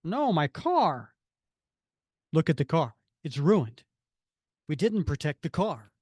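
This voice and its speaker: A man reading a comic-book superhero's lines in a gruff, angry voice. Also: fairly high pitch, sing-song, slow pace, darkish tone, no room sound, exaggerated voice. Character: angry male superhero on a drug.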